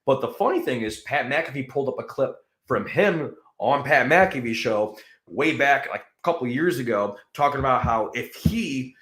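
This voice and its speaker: A man's voice: mid-range voice, lively intonation, moderate pace, a bit bright. Guy host rambling about football, lots of ums and likes, roomy echo. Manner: rambling, lots of fillers and restarts. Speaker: podcast host. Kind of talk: casual sports chat. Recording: echoey room.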